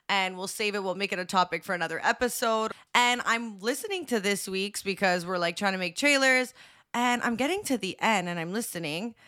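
A woman's voice: mid-range voice, clean tone. A woman co-hosting a podcast, telling stories in casual chat with frequent laughter. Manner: giggly, animated storyteller. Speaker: podcast co-host.

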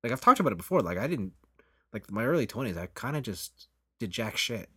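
A man's voice: medium pitch, big pitch swings, fairly quick, breathy edge. A man in his late twenties co-hosting a podcast, talking in a laid-back way, with lots of "like" and agreeing. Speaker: podcast co-host. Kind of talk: casual chat.

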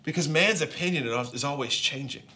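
A man's voice: a little high, normal speed, pushed and bright. A man with a Southern accent, preaching a sermon in a conversational, joking way with playful asides. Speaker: pastor.

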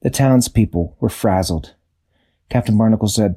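A man improvising a children's bedtime story, unhurried, searching for words and correcting himself. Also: fairly low pitch, lively intonation, dark tone, husky.

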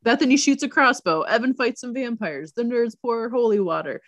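A woman's voice: a little high, animated, moderate pace, a bit bright, dry recording. A woman co-hosting a casual chat, recapping a movie in a sarcastic way and acting out the quotes in silly voices. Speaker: podcast co-host.

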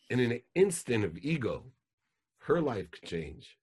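A man's voice: medium pitch, very animated, a little slow, darkish tone, husky. A man in his forties, a life coach telling a motivational story in an intense, emphatic way.

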